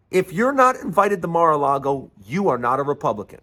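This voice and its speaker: A man's voice: on the high side, sing-song, brisk, few pauses, bright, forceful tone. A man hosting his own show in an angry, sarcastic political rant, sometimes mocking others in put-on voices. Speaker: host.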